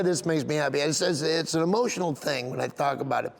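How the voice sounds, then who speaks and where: A man's voice: a little high, quick pace, creaky. A comedian being interviewed, telling a story earnestly. He rambles and restarts often, and he openly gets emotional. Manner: rambling delivery with frequent restarts.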